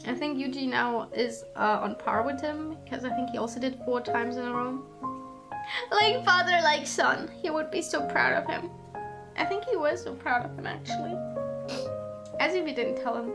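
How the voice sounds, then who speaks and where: Rambling young woman streamer over music. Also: a little high. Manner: rambling, swears freely, many fillers. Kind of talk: casual chat with stream chat. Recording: music playing under the voice. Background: music in the background.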